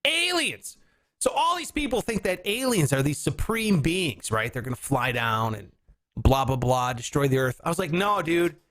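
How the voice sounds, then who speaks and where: A man hosting a podcast, riffing in casual comic chat, rambling and breaking into shouts for bits. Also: fairly high pitch, big pitch swings, moderate pace. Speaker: podcast host.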